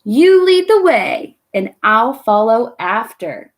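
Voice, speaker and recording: A woman's voice: a little high, sing-song, takes it slowly, full character voice. A woman voicing a big, hungry, gullible male monster in a storybook reading. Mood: gloating.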